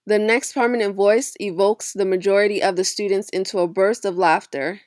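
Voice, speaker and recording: A woman giving a measured first-person audiobook narration of a young adult novel. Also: medium pitch, fairly even intonation, darkish tone, no room sound, clean studio sound.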